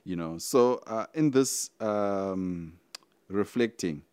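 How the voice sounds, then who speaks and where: A man's voice: lowish voice, lively intonation, takes it slowly, darkish tone, smooth, dry recording. A young South African man hosting a casual solo podcast, rambling and talking straight to his listeners. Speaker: podcast host.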